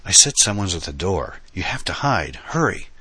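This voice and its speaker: A man's voice: low-pitched, big pitch swings, moderate pace, bright, forceful tone, breathy edge, no room sound, voice pushed up, exaggerated voice. A man voicing a frightened, grief-stricken young woman, his delivery raised and pleading. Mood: panicked.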